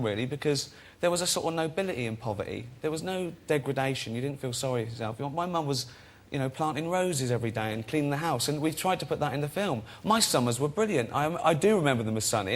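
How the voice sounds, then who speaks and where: A man's voice: fairly high pitch, lively intonation, fast talker, hardly any pauses. A man, a chat show guest telling self-deprecating anecdotes in a casual, chatty way and laughing often.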